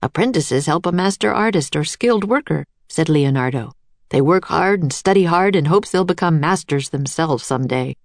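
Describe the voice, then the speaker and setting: A woman's voice: deep voice, expressive, normal speed, dry recording. A woman reading aloud, voicing a cheerful, gracious and rather boastful master artist in a storybook. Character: grand, cheerful man, an older artist genius.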